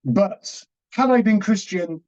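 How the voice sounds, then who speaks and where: A middle-aged man, earnest and halting, telling a personal story as an interview guest with many restarts. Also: high voice, expressive, a little mellow. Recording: dull, muffled audio.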